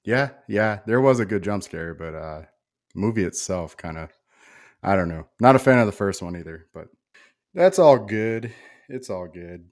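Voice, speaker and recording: A podcast host with a deep, expressive voice talks at normal speed about horror movies. He's laid-back and casual, full of fillers and calling people dude.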